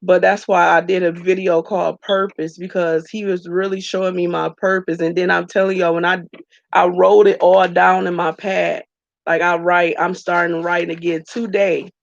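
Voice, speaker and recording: A woman's voice: on the low side, flat delivery, normal speed, vocal fry, dull audio. A woman vlogger speaking candidly and tearfully to her viewers, calling them y'all, in an emotional personal vlog.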